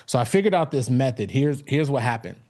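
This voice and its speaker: A man telling a personal story in a motivational talk at an event. He pauses often, saying "um" and starting sentences over. His pitch sits in the middle range for a man. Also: lively intonation, mellow. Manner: storytelling with many fillers and restarts. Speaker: speaker. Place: event stage.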